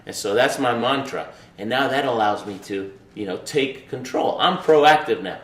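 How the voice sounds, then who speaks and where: A man's voice: medium pitch, normal speed. A man in his thirties, an Olympic luge athlete, telling a personal story in a loose, conversational way with repeated words and fillers. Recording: roomy, distant mic with faint ambience.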